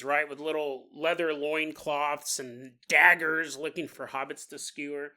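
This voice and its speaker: Lively, bright-voiced male podcast host. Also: fairly high pitch. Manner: jokey, acts out characters, laughs often. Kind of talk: casual storytelling monologue.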